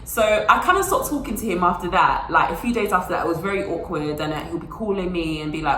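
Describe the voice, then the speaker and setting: A woman's voice: fairly low pitch, lively intonation, fast talker, hardly any pauses, pushed and bright, reverberant, rough recording. A young woman telling a personal story to her phone camera in a casual, chatty way, full of fillers and acted-out quotes. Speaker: vlogger.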